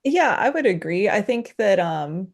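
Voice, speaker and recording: A woman's voice: medium pitch, very animated, unhurried. A woman hosting a casual podcast conversation, easygoing, with many fillers and sentences that trail off. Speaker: podcast host.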